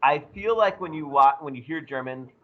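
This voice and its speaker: A male teacher giving an animated, joking classroom lecture to his students. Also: on the high side, normal speed, dull audio.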